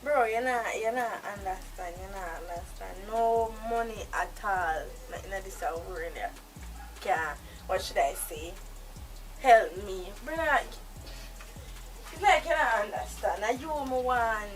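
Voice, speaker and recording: A woman's voice: mid-range voice, unhurried, faint music behind, lightly acted, rough recording. An actress with a Jamaican accent playing a menacing woman who holds a man captive, threatening and scolding him in patois. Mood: cold, brooding. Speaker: actor in a film. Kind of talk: film dialogue.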